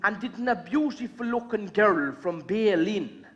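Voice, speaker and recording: A man's voice: high-pitched, animated, unhurried, fairly bright tone, lo-fi sound. An Irish man from the Midlands telling folksy jokes over a video call, chuckling at his own punchlines. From Ireland. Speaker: amateur comedian. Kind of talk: storytelling jokes.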